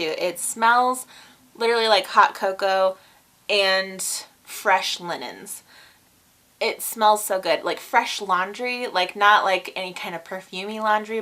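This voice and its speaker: A chatty woman of about thirty talks to camera in a casual vlog, bubbly and quick with her asides. Her voice is bright and forward, sitting at a middle pitch for a woman. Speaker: vlogger.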